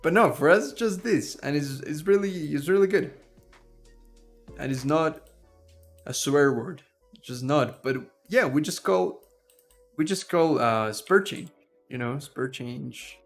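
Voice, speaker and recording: A man's voice: fairly high pitch, lively intonation, measured pace, long pauses. Young male streamer, rambling and laughing, faint music underneath. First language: Spanish. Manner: rambling, laughs at his own tongue-twister slips. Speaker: livestream host. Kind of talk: casual live-stream chat.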